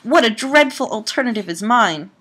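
A woman's voice: on the high side, lively intonation, moderate pace, fairly bright tone, voice pushed up. Woman reading as a frightened Gothic heroine. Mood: distressed. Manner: breathless, anguished exclamations.

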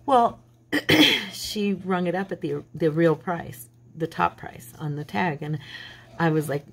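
A woman hosting a craft channel chats and rambles through a story while working at her home craft table. Her voice is lowish with a fairly bright tone, she takes things slowly, and the audio is poor.

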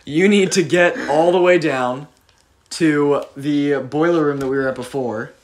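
A man's voice: fairly high pitch, measured pace. A young man playing a video game and chatting casually with friends, walking them through each step as he goes. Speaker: gameplay commentator. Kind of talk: casual let's-play chat. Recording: faint background noise.

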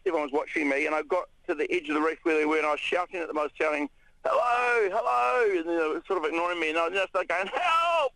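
A New Zealand man, a radio interview guest, recounting an ordeal in a halting way with many restarts. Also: a little high, no room sound, low-quality recording. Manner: halting, many restarts, animated when retelling shouts.

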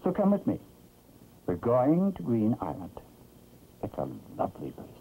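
A man's voice: mid-range voice, wildly swooping pitch, normal speed, vocal fry. A man voicing a proud, cross male duck in a 1960s cartoon, talking in a bossy, huffy way. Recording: muffled, hissy 1960s film soundtrack.

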